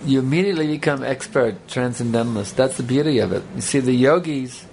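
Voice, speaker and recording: This man's medium-pitched voice is brisk, creaky and darkish, with a little hiss or hum in the background. As a spiritual teacher, he delivers a rambling, conversational sermon to a live crowd, tossing in jokes and banter.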